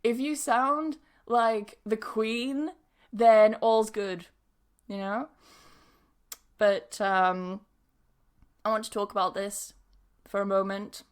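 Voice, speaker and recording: A woman's voice: medium pitch, fairly even intonation, takes it slowly, pauses often, smooth. A woman English pronunciation teacher hosting a podcast, talking in a casual, chatty way with laughs and asides. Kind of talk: casual solo podcast monologue.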